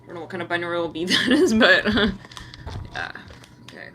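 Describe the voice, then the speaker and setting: A woman's voice: fairly low pitch, lively intonation, brisk, bright, forceful tone. A woman giving a casual tarot reading, chatty and self-mocking, with her mic set across the room. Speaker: tarot card reader. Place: room at home with a cluttered desk. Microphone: mic placed across the room.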